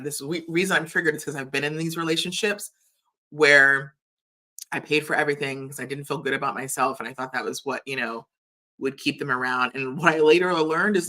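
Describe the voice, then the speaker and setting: Low, bright-toned chatty woman. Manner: chatty and candid, retells scenes in quotes, many fillers. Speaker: TV reviewer and host. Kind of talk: casual recap commentary. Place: home room filled with pop culture items.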